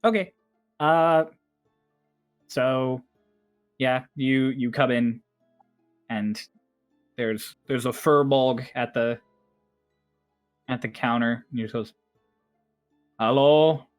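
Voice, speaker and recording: Unhurried man running a tabletop game. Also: medium pitch, clear, resonant tone, soft background music. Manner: relaxed, chatty narration with restarts. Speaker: game master.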